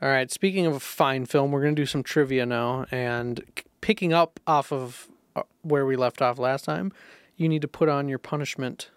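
A man's voice: medium pitch, normal speed, smooth, no room sound. A man co-hosting a podcast who runs a trivia game in a playful, teasing way. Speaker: podcast co-host, quiz master. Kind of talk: casual chat.

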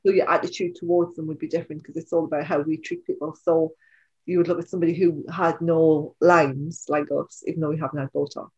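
A woman with a Geordie accent chats on a podcast in her low alto, wandering through her thoughts with plenty of "um" and "you know". She is self-mocking and quick to laugh at herself. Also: level tone, a little mellow, muffled recording. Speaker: podcast co-host. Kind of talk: casual chat.

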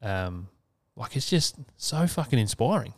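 A man's voice: mid-range voice, big pitch swings, a little slow, no room sound, studio quality. An Australian man hosting a solo podcast, talking casually and earnestly, swearing freely. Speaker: podcast host.

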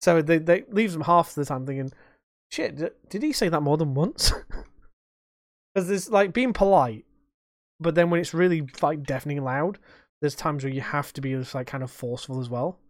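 A young man, hosting a casual podcast chat and telling animated stories that he acts out and laces with swearing. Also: a little high, moderate pace, no room sound, clean studio sound. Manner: animated storytelling, swearing, acting out quotes. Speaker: podcast host.

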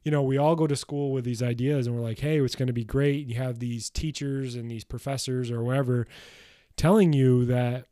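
A man hosts a solo podcast in a medium-pitched, dark-toned voice with fairly even intonation and a moderate pace. He talks bluntly and emphatically in a motivational way, swearing casually, and the clean studio sound has no echo.

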